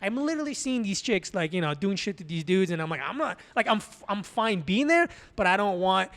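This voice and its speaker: Animated high-voiced man telling stories. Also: fairly quick. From Azerbaijan. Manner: animated, profane, laughing storyteller. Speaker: podcast guest, tattoo artist. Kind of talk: casual storytelling.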